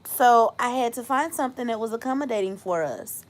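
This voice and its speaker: Woman host, live-stream storyteller; very lively, sing-song pitch, quick to laugh, mimics the people in her story. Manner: animated, laughs often, acts out quoted voices. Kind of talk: casual storytelling to a live chat.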